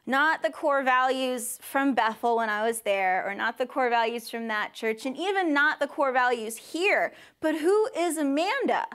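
Young woman sharing her testimony at church, kinda high voice, getting teary, jumps way up when she quotes people. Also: animated, normal speed, hardly any pauses, fairly bright tone, clean tone. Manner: emotional, near tears at times; acts out quoted voices with big pitch jumps. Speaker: speaker at a church service. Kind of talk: personal testimony to a congregation.

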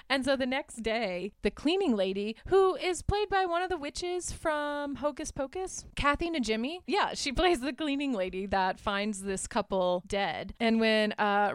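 A young adult woman hosting a podcast, recapping a horror film in a casual, animated way, laughing often and swearing freely. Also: mid-range voice, clean tone, dry recording, clean studio sound. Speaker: podcast host.

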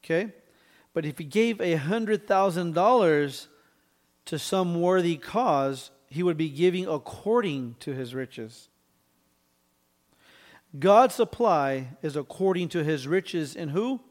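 An animated pastor takes his listeners through scripture verse by verse, speaking in a somewhat high voice. Quick "right?"s pepper his delivery, along with the occasional throat-clearing.

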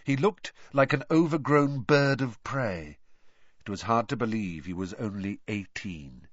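A man giving an animated, expressive audiobook narration. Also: on the low side, a little slow, dry recording. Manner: animated storytelling. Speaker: audiobook reader. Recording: dull dry lo-fi sound.

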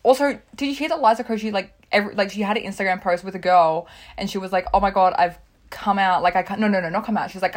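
A young woman co-hosting a podcast, chatting casually and rambling, with lots of "like" and swearing. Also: mid-range voice. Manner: rapid, rambling, full of "like" and swearing. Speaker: podcast co-host. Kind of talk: casual chat.

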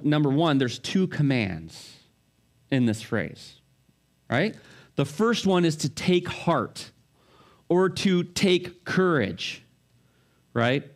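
A middle-aged male pastor giving a sermon in a conversational way, full of rhetorical questions and family stories. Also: a little high.

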